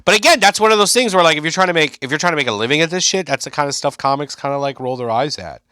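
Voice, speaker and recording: Young male comic guest, lively storyteller who slips into quoted voices, bright tone, dry close mic. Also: fairly high pitch, very fast, clean tone, no echo. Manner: animated storyteller, mimics people he quotes. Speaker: stand-up comedian guest. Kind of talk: casual podcast chat. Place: Chicago.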